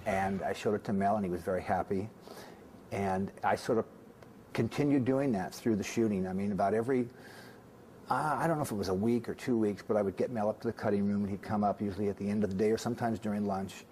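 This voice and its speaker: A film editor, a man, telling stories about his work in a relaxed, anecdotal way. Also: fairly low pitch, quick pace, slight background noise. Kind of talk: documentary interview.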